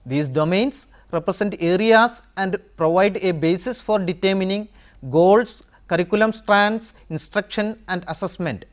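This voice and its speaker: A woman giving an educational lecture, going through numbered points in a measured way. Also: mid-range voice, muffled recording. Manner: measured, listing points one by one.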